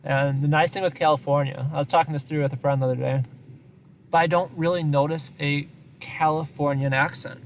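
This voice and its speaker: A chatty Wisconsin man with a strong regional accent talks loosely to his stream viewers while sitting in a parked car, poking fun at himself as he chases the news. He speaks briskly in a fairly high, fairly even voice, with slight background noise.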